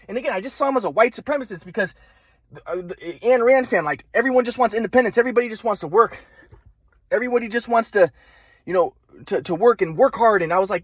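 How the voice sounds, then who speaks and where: A young man telling his own story in a rambling, self-interrupting way, circling back and restarting often. His voice sits high and races along quickly. The recording is dry, with no room sound. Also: breathy edge, dry recording. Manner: rambling, many restarts and repeated words. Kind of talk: personal storytelling vlog.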